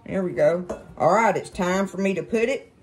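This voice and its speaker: A woman's voice: lowish voice, normal speed, heavy background noise. A woman hosting a casual home cooking demonstration in her kitchen, chatting folksily and calling her viewers y'all. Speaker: cooking show host.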